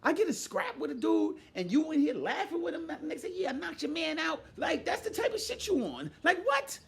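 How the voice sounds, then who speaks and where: A man delivers an exasperated commentary rant, his voice pitched very high and swinging widely. He shouts often and mocks the people he talks about. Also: wildly swooping pitch, a little fast. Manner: loud, exasperated, often shouting, mock-quoting others. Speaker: commentary vlogger.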